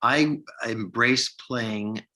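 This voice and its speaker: A man in his sixties from upstate New York, an actor telling lively stories from his career in a casual interview, acting out the lines of people he quotes. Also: mid-range voice, extremely slow. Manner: animated storyteller, acts out quoted lines, many restarts. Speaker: actor guest.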